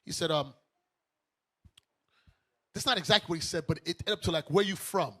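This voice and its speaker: A man from Brooklyn hosting a talk show, telling a story casually in an animated, joking way. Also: on the high side, brisk. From Brooklyn, New York. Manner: animated, joking, often laughs mid-story. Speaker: host and bishop.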